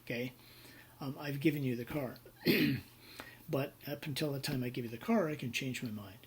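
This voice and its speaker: A man with a husky, medium-pitched voice gives a conversational university lecture on contracts at a moderate pace. He uses lots of fillers and role-plays his examples.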